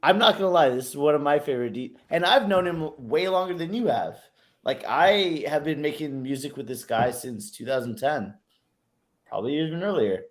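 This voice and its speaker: A man's voice: a little high, expressive, moderate pace. A man co-hosting a casual music review stream, frank and laid-back, swearing freely.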